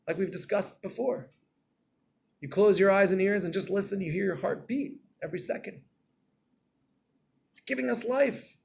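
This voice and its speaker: A man gives a Torah class in a gravelly, somewhat husky voice that sits a little high. He tells stories and acts out the scenes, rising to loud, animated bursts. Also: normal speed, long pauses. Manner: storytelling with acted-out scenes, gets loud and animated.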